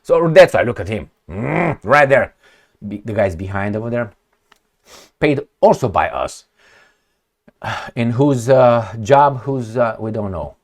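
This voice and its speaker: A man's voice: medium pitch, animated, slow pace, long pauses. A man giving ranting commentary on news clips, blunt, profane and sarcastic. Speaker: political commentator.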